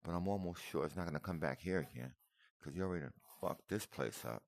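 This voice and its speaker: Deep gravelly man reacting emotionally. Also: fast. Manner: emotional, repetitive, addresses viewer as man and brother. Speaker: video commentator reacting to footage. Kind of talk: casual reaction commentary.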